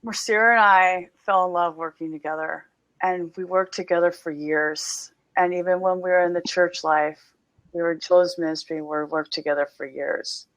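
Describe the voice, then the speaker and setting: A middle-aged woman telling a personal story in a casual chat, animated and laughing often. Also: fairly low pitch, moderate pace. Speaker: podcast guest.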